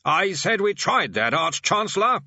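A tired, exasperated wizard bursar who raises his voice, as a man puts him on, with a bright, lively tone. The recording is dry and a little dull, with a husky grain. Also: on the high side, normal speed, no echo, voice pushed up, full character voice. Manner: loud, weary.

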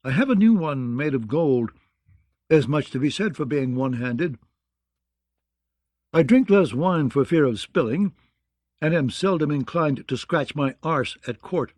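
A man's voice: a little high, expressive, unhurried, long pauses, darkish tone, no echo. A man doing a wry, dry-humored knight. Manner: wry, understated.

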